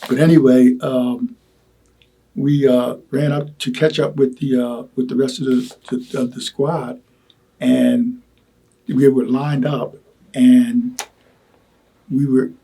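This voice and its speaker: An older man recalling his wartime experiences in an oral history interview, talking haltingly with many repeated words and asides. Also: mid-range voice, level tone, creaky, warm tone, husky. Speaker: Vietnam veteran interviewee.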